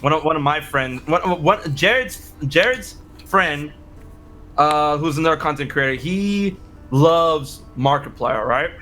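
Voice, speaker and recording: Excitable male interview guest, animated storyteller, bright tone, a bit higher pitched. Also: soft background music. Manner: animated, fast, many restarts and quoted exclamations. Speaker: interview guest, content creator.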